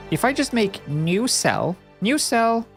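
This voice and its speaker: A woman with a slightly high voice and wide pitch swings speaks slowly over soft background music. She's live-streaming while animating digital art, thinking aloud half to herself and making playful sound-effect noises. It's casual stream commentary.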